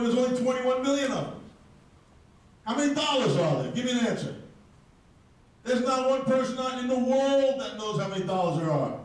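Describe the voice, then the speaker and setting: A man giving a combative, profane, ranting speech to a live audience at an event. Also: extremely high pitch. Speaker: speaker at a crypto event. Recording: very echoey, distant mic in a hall.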